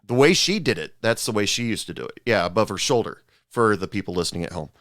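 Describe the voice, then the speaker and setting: A man hosting a podcast, telling restaurant stories in a relaxed, halting way. His voice is lowish and smooth. The sound is dry and close to the mic. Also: no echo. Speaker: podcast host. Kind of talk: casual chat.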